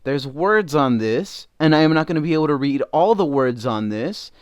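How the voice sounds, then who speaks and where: A man talks through a reaction video in casual commentary. His voice is smooth and clean, and the sound is dry and close. He is blunt and swears often. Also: fairly high pitch, lively intonation, normal speed, dry recording. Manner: blunt and profane, with many fillers.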